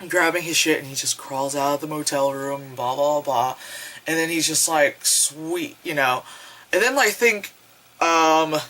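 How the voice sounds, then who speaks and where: A movie reviewer with a mid-range, bright voice speaks unhurriedly but forcefully, and the audio quality is poor. In a casual vlog, he recaps a horror film, rambling, swearing freely, and acting out the characters' lines.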